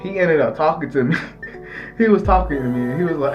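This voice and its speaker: A man's voice: on the high side, fairly quick, highs cut off, faint music behind. Rambling young man telling a story. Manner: rambling, slangy, with lots of restarts and asides. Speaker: storytelling vlogger. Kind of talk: casual profane storytime.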